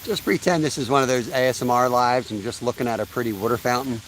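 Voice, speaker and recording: A man in his thirties talks to his live viewers from a creek bank, relaxed and chatty, laughing easily between thoughts. His voice sits at an ordinary middle pitch. Faint outdoor noise and the odd passing vehicle sit behind him. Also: fast, poor audio. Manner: laid-back, chatty, laughs often. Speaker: fishing livestream host. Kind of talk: casual live-stream chat. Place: outdoors by a creek while fishing.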